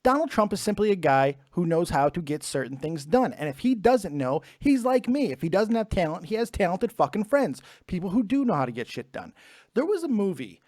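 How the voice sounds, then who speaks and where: A man hosting a casual podcast, ranting with lots of swearing in an animated way. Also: high voice, fairly quick, no echo, clean studio sound. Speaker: podcast host. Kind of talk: casual chat.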